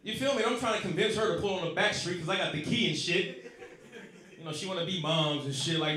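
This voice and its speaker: 加州口音的男喜剧演员在俱乐部讲粗口段子，声音高亢起伏大，回声很重，观众笑声明显。. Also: male voice, sits high, expressive, fast talker. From Los Angeles. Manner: profane, rowdy storytelling. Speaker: stand-up comedian. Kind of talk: stand-up set. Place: comedy club stage. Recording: echoey club with crowd laughter. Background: audience laughing.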